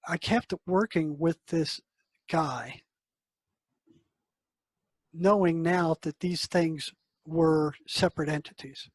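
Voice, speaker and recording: A man's voice: on the high side, big pitch swings, slow pace, creaky, long pauses, no echo, poor audio. An older man, a psychotherapist, telling a story in a casual, conversational way and acting out the dialogue. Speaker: psychotherapist guest. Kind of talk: storytelling interview answer.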